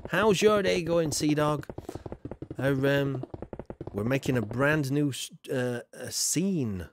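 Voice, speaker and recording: A man's voice: mid-range voice, slow, a little hiss or hum. A man streaming a game, casually reading viewers' comments aloud and chatting with frequent fillers. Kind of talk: casual live-stream chat.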